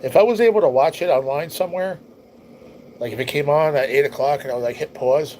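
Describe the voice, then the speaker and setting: Livestream host, male, relaxed rambler with a stuffy nose and a tiring voice, faint hiss behind him. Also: on the high side, brisk, rough recording. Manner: rambling, easygoing, reads chat comments aloud. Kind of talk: casual livestream chat with viewers.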